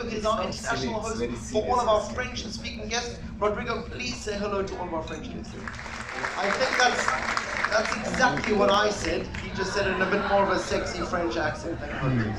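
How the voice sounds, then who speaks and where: A man's voice: sits high, steady tone, brisk, heavy background noise. A man from South Africa working as a cruise director, hosting on stage with upbeat jokes for the audience. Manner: upbeat showman, jokes with the crowd. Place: cruise ship theatre stage. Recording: echoey hall from far off, crowd and music.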